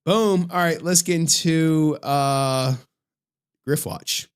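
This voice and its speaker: A man's voice: on the high side, slow, smooth. A man chatting casually on a live stream, talking straight to his chat in a loose, profane way and laughing often.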